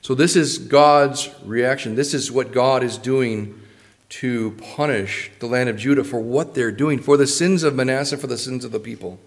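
A man's voice: medium pitch, normal speed, in a large hall. A man leading a Bible study, reading scripture passages aloud and then explaining them in a plain, casual way with fillers. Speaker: Bible teacher.

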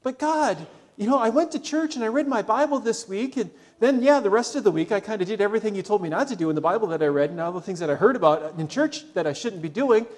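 A whiny, entitled churchgoer pleads in a high, rushed voice, as a preacher acts him out. He whines and makes excuses, sounding put out. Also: expressive, darkish tone. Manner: whining, self-justifying. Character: self-pitying male churchgoer, whiny and entitled.

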